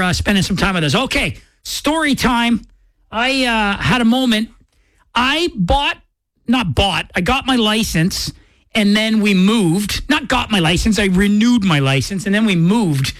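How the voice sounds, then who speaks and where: A man's voice: high-pitched, fairly bright tone, dry recording. A man hosting a radio show, telling a rambling personal story in a casual, chatty way and correcting himself as he goes. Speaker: radio host.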